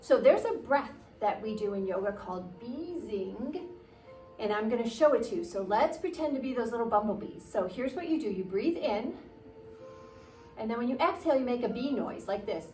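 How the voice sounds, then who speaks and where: A woman guiding children through a yoga class, gently encouraging and playful, sometimes making animal noises. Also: fairly high pitch, expressive, moderate pace, distant mic. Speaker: kids' yoga teacher. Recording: roomy sound from away from the mic with soft music.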